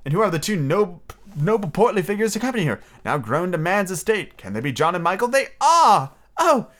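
A prim young storyteller girl, motherly and a touch smug, gushing over her own tale in a high, swooping storybook voice, as a man puts her on. She rises and falls in pitch all the time, sweet and theatrical. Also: expressive, fast talker.

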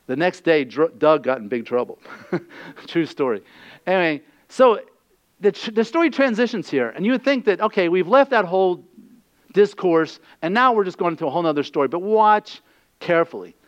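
A man preaching a sermon as a lively storyteller who asks his listeners questions as he teaches. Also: sits high, normal speed. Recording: dull lo-fi recording.

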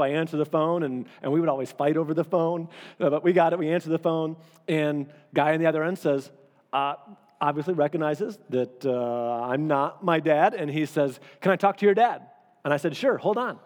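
A man's voice: a little high, fairly quick, darkish tone. A male pastor preaching in a casual, conversational way, often repeating phrases for emphasis. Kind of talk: sermon. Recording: long hall reverb.

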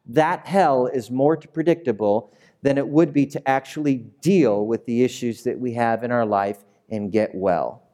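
Mellow-voiced man preaching a sermon. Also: mid-range voice, a little slow. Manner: conversational preaching, rising to emphatic peaks. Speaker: pastor.

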